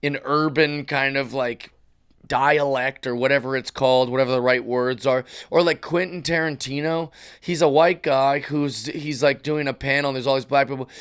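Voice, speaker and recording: A man's voice: mid-range voice, a bit bright, smooth. A middle-aged man hosting his own comedy podcast, ranting in a casual monologue and slipping into mocking voice impressions.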